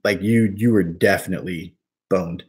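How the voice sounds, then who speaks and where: Laid-back slangy guy, lowish voice. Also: steady tone, moderate pace. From New Jersey. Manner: slangy, laid-back, calls people bro and man. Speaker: host answering viewer questions. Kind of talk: casual live Q&A chat.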